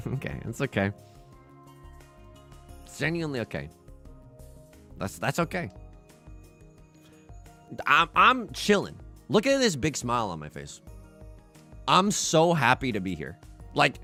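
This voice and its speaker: A man's voice: on the high side, bright, forceful tone. A man streaming a tile game, joking and pleading dramatically as he plays. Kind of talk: casual livestream commentary.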